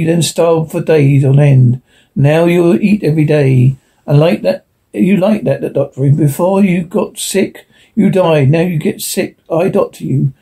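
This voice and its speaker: A man's voice: fairly high pitch, dark tone, slightly rough. A man doing a stern frontier planter. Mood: lecturing. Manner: stern, commanding. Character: hard-driving male frontier planter, blunt.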